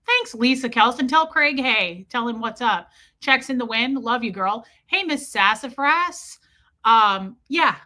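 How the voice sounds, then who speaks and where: Bright, animated woman hosting a live chat. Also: fairly high pitch, measured pace. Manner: animated, frank and crude, greets chatters by name between story beats. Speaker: livestream host chatting with viewers. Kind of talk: casual live chat, comic storytelling.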